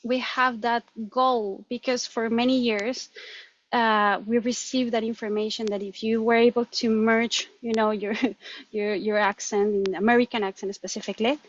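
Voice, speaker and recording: Woman, Colombian accent, Spanish native speaker, animated interview chat, slightly high pitch, dull lo-fi sound. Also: normal speed. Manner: animated, laughs often, restarts words. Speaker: guest. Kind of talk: conversational interview.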